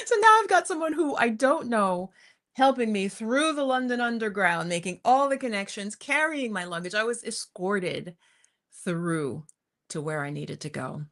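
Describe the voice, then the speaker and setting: A middle-aged woman hosting a livestream, telling a personal story in a chatty, animated way with frequent laughs. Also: medium pitch, measured pace. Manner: chatty and animated, often laughing and saying "you guys". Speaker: spiritual teacher hosting a livestream. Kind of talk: live-streamed personal storytelling.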